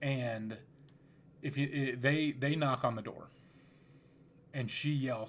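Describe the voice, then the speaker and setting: A man hosts his own podcast, telling stories in a relaxed, rambling way. He often restarts his sentences, and his voice sits at an ordinary middle pitch. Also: takes it slowly. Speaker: podcast host. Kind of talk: casual storytelling.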